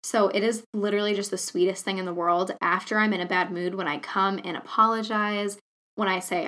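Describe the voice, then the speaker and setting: A woman's voice: mid-range voice, steady tone, fairly quick, fairly bright tone. A young woman hosting a solo podcast, talking in an earnest, chatty way with many casual fillers. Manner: earnest, chatty, lots of fillers like "you know". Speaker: podcast host.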